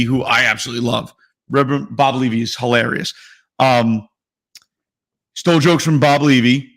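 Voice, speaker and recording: A man's voice: medium pitch, fairly even intonation, normal speed, pauses often, a bit bright. A man co-hosting a casual podcast, arguing bluntly and swearing freely. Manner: blunt, profane, argues emphatically. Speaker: podcast co-host. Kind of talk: casual argumentative chat.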